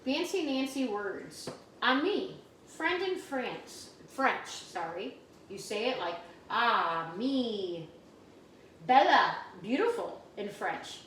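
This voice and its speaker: A woman teacher reads a picture book aloud to her class and explains new words to the children as she goes. Her voice is higher-pitched and very animated, swooping up and down. It sounds heavily echoey, as if it was recorded in a room some distance from the mic. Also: slow pace, a little hiss or hum.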